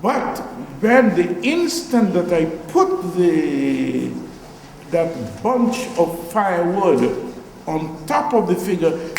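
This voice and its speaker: An older man from Guyana, an artist giving a relaxed gallery talk, musing and repeating phrases with animated exclamations. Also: high voice, creaky, reverberant, long reverb tail, a little hiss or hum, poor audio. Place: gallery room.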